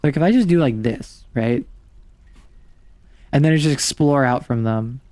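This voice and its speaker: A man's voice: mid-range voice, a little slow, a little mellow, dry recording. A man streaming a game, thinking aloud in a rambling, casual way. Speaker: vtuber streamer. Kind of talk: casual livestream commentary while playing.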